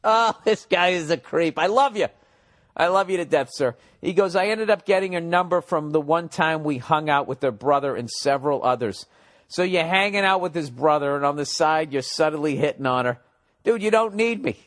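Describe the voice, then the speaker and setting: A man's voice: a little high, a little fast, fairly bright tone. A man hosting a comedy podcast, rambling profanely and mocking listener emails, his voice a little cracked. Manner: profane, sarcastic, reads listener emails aloud. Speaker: podcast host.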